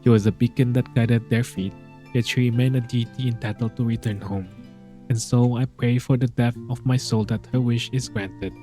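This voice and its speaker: A man voicing a gentle, solemn female star goddess, reading her game lines in a soft, formal and grave way. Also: mid-range voice, steady tone, moderate pace, soft background music, lightly acted. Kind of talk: reading game dialogue aloud.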